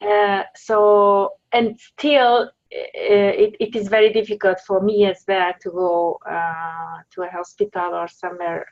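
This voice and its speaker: A woman on a video call speaking hesitantly, pausing often to find her words. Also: medium pitch, flat delivery. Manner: hesitant, searching for words, many pauses. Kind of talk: casual group video call. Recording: dull lo-fi video call audio.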